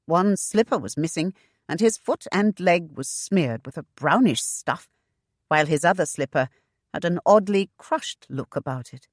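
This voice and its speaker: Audiobook narrator: woman, low-pitched, very slow, dry close recording. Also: animated, no echo. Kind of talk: scripted narration.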